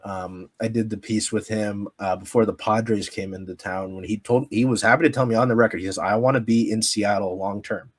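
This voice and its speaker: A man's voice: fairly low pitch, steady tone, fairly quick, hardly any pauses, breathy edge. A man from the Pacific Northwest telling stories as a guest on a casual sports podcast, rambling with many fillers and laughing often. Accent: Pacific Northwest American. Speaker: sports media creator, guest. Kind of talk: casual podcast interview storytelling.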